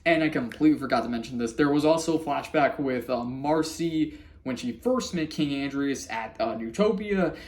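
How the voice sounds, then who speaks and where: A man's voice: mid-range voice, normal speed, darkish tone. A man casually recapping a cartoon episode for his vlog, rambling with frequent restarts and little laughs. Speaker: vlogger reviewing a cartoon episode.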